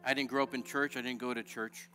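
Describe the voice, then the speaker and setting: A middle-aged male pastor preaching a sermon with passion, rising at times to shouting. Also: medium pitch, level tone, fast, soft background music. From Illinois. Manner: impassioned preaching that builds to shouting. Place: church sanctuary.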